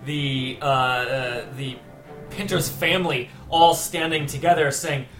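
A man's voice: a little high, steady tone, a little slow, fairly bright tone, soft background music. A man narrating a tabletop game as game master, describing scenes with many fillers. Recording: echoey room.

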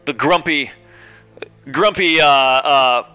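A man's voice: on the high side, slow, sharp tone, smooth, no room sound, faint music behind. A man narrating a tabletop game as game master, hesitant with many fillers.

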